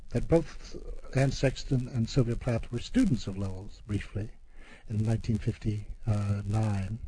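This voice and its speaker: A man reading a poem aloud and then talking about it, halting and repeating words as he explains. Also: mid-range voice, warm tone, breathy edge, poor audio. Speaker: poet and guest discussing poetry. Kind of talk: poetry reading and discussion.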